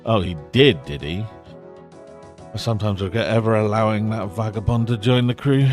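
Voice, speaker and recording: A man's voice: lowish voice, normal speed, soft background music, close to an everyday voice. A man voicing a pompous, haughty ship captain who speaks in a formal, condescending way.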